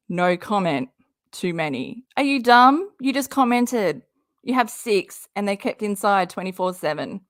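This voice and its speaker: Woman streamer ranting about online drama, slow and heated, swears a lot, reads out chat comments, dry close sound. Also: mid-range voice, lively intonation, no room sound. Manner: heated and blunt, swears and talks straight at her target.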